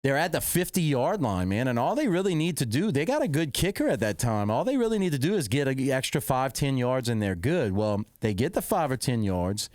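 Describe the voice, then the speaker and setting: A middle-aged man, hosting a podcast, rambling and correcting himself as he excitedly recounts a football game. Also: medium pitch, brisk, hardly any pauses, no echo, studio quality. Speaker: podcast host. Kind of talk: casual storytelling.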